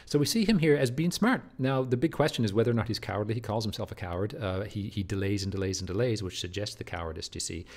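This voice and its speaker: Emphatic, lower-pitched male literature teacher. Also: quick pace, hardly any pauses, darkish tone. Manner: emphatic, with many restarts and "do you see?" asides. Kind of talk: explanatory lecture.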